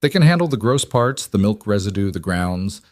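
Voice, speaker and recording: A man voicing a kind, widowed single father who speaks calmly with a mild teasing edge. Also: fairly low pitch, normal speed, no room sound, studio quality. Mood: amused. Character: kind widowed single dad, wry and steady.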